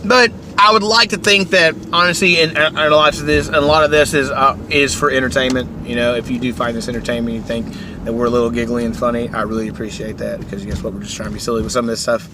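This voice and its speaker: A man's voice: mid-range voice, flat delivery, fast, noisy background. A man with a Kentucky accent hosting a podcast, ranting in casual, profane, rambling talk. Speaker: podcast host.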